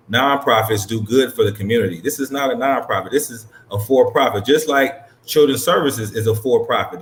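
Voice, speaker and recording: A man's voice: mid-range voice, a bit bright, roomy sound. A man hosting and commenting on a clip in a blunt, emphatic, profane way. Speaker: host reacting to a clip. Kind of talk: casual commentary.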